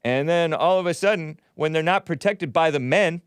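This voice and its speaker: A man's voice: fairly high pitch, moderate pace, clean tone, dry recording, clean studio sound. A man hosting a talk show, delivering a casual monologue in a sardonic, mocking tone and laughing at his own remarks.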